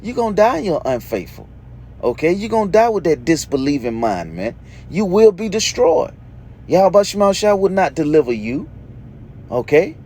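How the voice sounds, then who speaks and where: A preacher with a high voice and big pitch swings teaches a sermon at a moderate pace, his tone darkish over slight background noise. He reads scripture aloud, then explains each verse emphatically, checking in with "okay?" after nearly every point.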